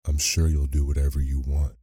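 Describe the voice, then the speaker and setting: A frightened but brave young woman from a storybook, as a male narrator puts her on, speaking hesitantly and stammering. The voice stays very deep and dark, close and dry. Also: little pitch movement, a little fast, breathy edge, no room sound. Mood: bold.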